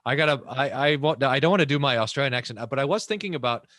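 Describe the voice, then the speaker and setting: A man, a pastor, hosting a long-form interview, speaking with enthusiasm and many halting restarts. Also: medium pitch, a bit bright, no echo, clean studio sound. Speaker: pastor and host.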